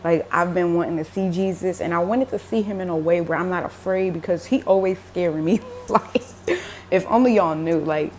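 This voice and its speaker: A religious vlogger, a young woman, recounts a dream in casual, emotional speech packed with "like" and "um." Her voice is on the low side and a little mellow, moving at a moderate pace.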